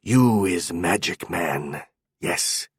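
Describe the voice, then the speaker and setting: A cruel goblin shaman growls out slow, broken words with a terrible accent, as a male narrator puts him on. His voice sits low and strange, and the sound is dry and close, as in a storybook reading. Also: expressive, husky, dry recording, full character voice. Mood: menacing.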